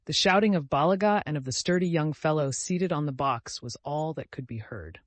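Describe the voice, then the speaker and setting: A man narrating an audiobook in a measured storytelling voice. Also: a little high, no echo. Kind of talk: scripted narration.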